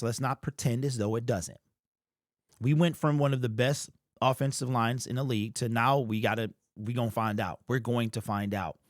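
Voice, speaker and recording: A man in the middle of his voice range delivers a heartfelt, rambling sports commentary for his own channel. He speaks casually, repeats phrases, and drops "bro" often. The sound is dry and close, with no room echo. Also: mid-range voice. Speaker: fan channel host. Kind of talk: emotional sports commentary monologue.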